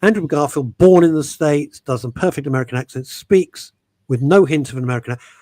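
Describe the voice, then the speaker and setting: A man's voice: a little high, fast, no room sound. A man hosting a radio show, chatting casually and animatedly, joking and mimicking others. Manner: jokey, animated, mimics voices for effect. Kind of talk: casual showbiz chat.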